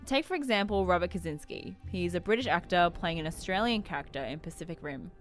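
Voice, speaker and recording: A woman reading scripted narration for an explainer video in an even, informative way. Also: on the low side, fast, faint music behind.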